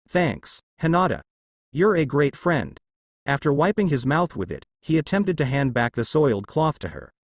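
Guy reading fanfic out loud, pitch bouncing all over, dead dry sound. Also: no room sound. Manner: lively storytelling, varies pitch for dialogue. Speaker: narrator. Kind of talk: fan fiction narration.

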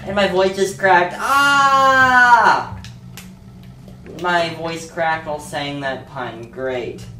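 A woman giving casual, chatty gameplay commentary who talks to herself and breaks into excited yelps. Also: sits low, a little slow, few pauses, echoey room, a little hiss or hum. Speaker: let's play host.

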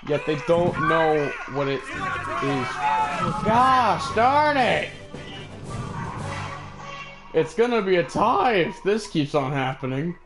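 A man's voice: fairly high pitch, rough recording. A man streaming an online shooter match, chatting casually with a friend, boastful and full of joking trash talk. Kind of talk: casual gameplay chat. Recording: clear background noise.

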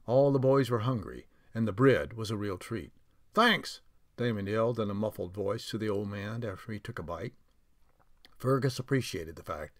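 Man, audiobook narrator, unhurried storytelling, average pitch, dry sound. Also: no room sound. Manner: unhurried storytelling with small slips and restarts. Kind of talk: reading a novel aloud.

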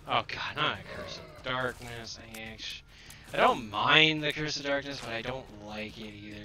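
A man's voice: medium pitch, normal speed, pushed and bright. A man giving live gameplay commentary, frustrated and swearing at the game, and tired. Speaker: streamer.

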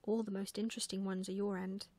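A woman's voice: mid-range voice, flat delivery, fast talker, no room sound, natural voice. Woman whispering a sweet young lady. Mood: kind. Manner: soft, sweet and kind. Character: gentle young woman sketching in the woods. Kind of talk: whispered role-play.

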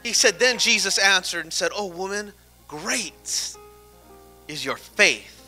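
A male pastor preaching a sermon, rising into fervent, shouted exhortation. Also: sits high, animated, slow, soft background music.

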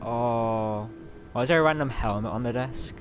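A young man giving excitable live commentary over his gameplay, yelling at other players and grumbling when things go wrong. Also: medium pitch, normal speed, noisy background. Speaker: gamer. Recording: game sounds loud behind voice.

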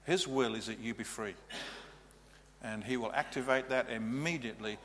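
A man's voice: medium pitch, normal speed, fairly bright tone. A male pastor giving a practical, matter-of-fact teaching sermon in a church. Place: church hall. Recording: reverberant hall, faint hum.

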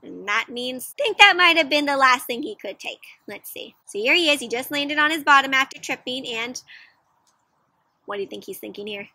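At a moderate pace, a young woman with a high, bright voice leads an interactive picture-book reading for children. Animated and prone to gasping at surprises, she keeps quizzing her young listeners; the recording is dry, lacking room echo.

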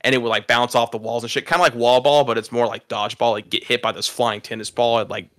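A man's voice: mid-range voice, little pitch movement, quick pace, a bit bright, no room sound. A young man telling a rambling, profane story to friends on a podcast, laughing at himself. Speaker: podcast host. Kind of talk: casual storytelling chat.

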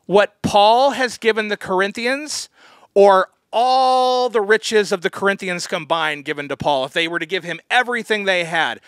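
A man's voice: high-pitched, normal speed, fairly bright tone, clean tone, no echo, studio quality. A man preaching a sermon as pastor, in a conversational but earnest way that often leans into sudden emphatic points. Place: church.

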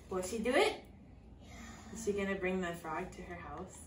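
Speaking at normal speed in a fairly low voice, an English teacher reads a storybook to young children and patiently asks them simple questions. She's far from the mic in an echoey room, with faint noise in the background.

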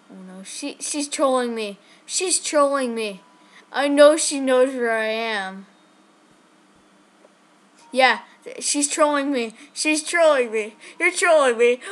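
A woman giving chatty, excitable live commentary on her own game, talking straight to her viewers. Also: high-pitched, slow pace. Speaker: gaming channel host.

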